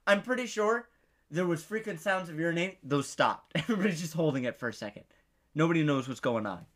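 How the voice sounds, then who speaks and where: Animated high-voiced male podcast host. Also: fast talker. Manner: animated, acts out voices, laughs often. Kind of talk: casual storytelling chat.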